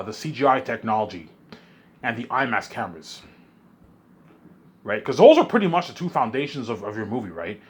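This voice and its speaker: A man rambling in an excited monologue, often repeating himself and restarting his sentences. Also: mid-range voice, breathy edge. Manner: excitable, repeats himself, puts on voices of others. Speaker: vlogger.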